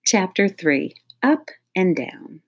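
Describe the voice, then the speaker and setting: A woman's voice: fairly low pitch, very animated, takes it slowly, husky. A woman reading a children's audiobook aloud in a playful way, speaking directly to young listeners. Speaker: audiobook reader.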